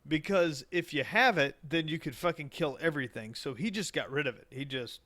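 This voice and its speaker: A man's voice: on the high side, brisk, pushed and bright. A man with a Southern American accent, co-hosting a casual podcast chat, crude and joking. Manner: crude, joking, slips into mock voices. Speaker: podcast co-host.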